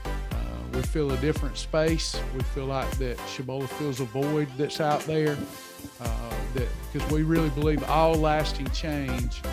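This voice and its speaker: A man hosting a live faith-based wellness session, talking earnestly and repeating himself with many fillers. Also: mid-range voice. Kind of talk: casual live webinar talk with guided affirmations.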